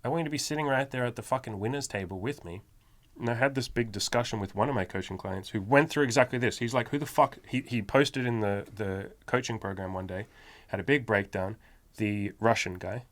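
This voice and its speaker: A man's voice: on the low side, brisk, fairly bright tone. A man who is a self-improvement coach and podcast host, talking in a blunt, emphatic, profanity-laden motivational style.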